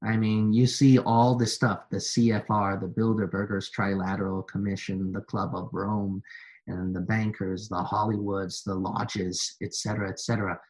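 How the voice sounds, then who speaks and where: A man's voice: lowish voice, little pitch movement, normal speed. Man preaching with rising intensity. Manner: repetitive preaching refrains, building to forceful exhortation. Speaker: pastor. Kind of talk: sermon.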